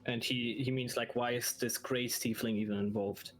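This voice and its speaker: A man playing a tabletop game online, chatting quickly and easily flustered. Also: mid-range voice, fairly even intonation, over music. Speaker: player. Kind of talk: casual chat at a gaming table.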